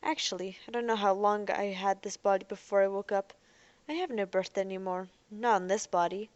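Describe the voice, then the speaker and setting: A woman voicing a defensive, boastful young man in a robot body who is quick to shout. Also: mid-range voice, no room sound, muffled recording, natural voice.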